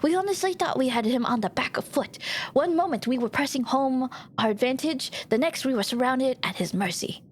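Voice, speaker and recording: A woman's voice: high voice, animated, a little fast, slight background noise. A woman voicing an older male samurai warrior who solemnly recounts a battle, reading game dialogue aloud. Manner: earnest storytelling, recounting a battle.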